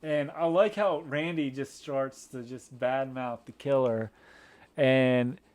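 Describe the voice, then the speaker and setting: A man's voice: medium pitch, fairly even intonation, slow pace, darkish tone. A man co-hosting a casual movie review podcast, rambling with many fillers and restarts. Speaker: podcast co-host.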